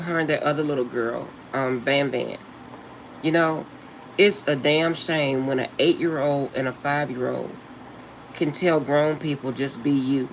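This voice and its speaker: Slow, laughing older vlogger. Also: mid-range voice, slight background noise, poor audio. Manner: emphatic, laughs often, slangy and blunt. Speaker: channel host. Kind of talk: casual spiritual advice vlog.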